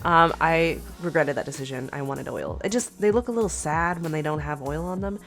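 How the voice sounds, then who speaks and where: A woman's voice: low-pitched, animated, a little fast, fairly bright tone, faint music behind. A woman with a sick, congested voice, chatting casually through a food vlog with lots of fillers. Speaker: food vlogger.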